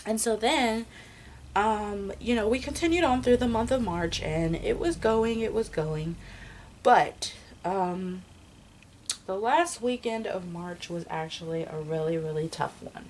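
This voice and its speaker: A woman's voice: mid-range voice, measured pace, a little mellow, a little hiss or hum. A young woman telling a personal story in a casual vlog, rambling with many fillers and restarts. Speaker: vlogger.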